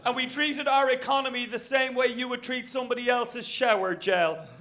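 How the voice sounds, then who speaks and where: A young Irish man performing stand-up in front of a live crowd, his voice sitting very high for a man. He lands each bit with a quick tag line and plenty of self-mockery. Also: fairly even intonation, fairly bright tone. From Ireland. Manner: punchy, self-mocking, with tag lines. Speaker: stand-up comedian. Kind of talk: stand-up set. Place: comedy venue with live audience.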